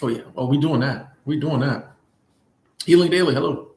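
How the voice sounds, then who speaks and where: A man hosting a casual livestream, reading chat and answering viewers in a relaxed, playful way, often repeating his phrases. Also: a little high, moderate pace. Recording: echoey room.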